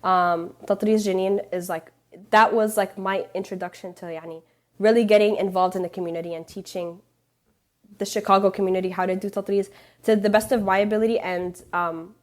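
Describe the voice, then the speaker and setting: A woman's voice: mid-range voice, fairly even intonation, brisk. A young woman guest on a podcast, telling stories in a loose, chatty way, full of fillers and little laughs. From Palestinian, raised partly in Canada. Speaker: podcast guest, embroidery teacher. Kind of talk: casual storytelling interview.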